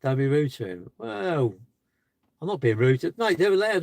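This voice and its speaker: A man's voice: fairly high pitch, sing-song, moderate pace, vocal fry, a little mellow, no room sound. A man chatting on a live stream from his parked car, rambling and asking rhetorical questions. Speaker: livestreamer. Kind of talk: casual live stream chat.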